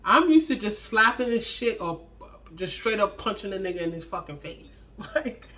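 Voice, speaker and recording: Bright-voiced woman telling a profane story. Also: mid-range voice, normal speed. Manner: blunt, profane, animated retelling with acted-out quotes. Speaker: storytime vlogger. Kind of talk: casual storytime monologue.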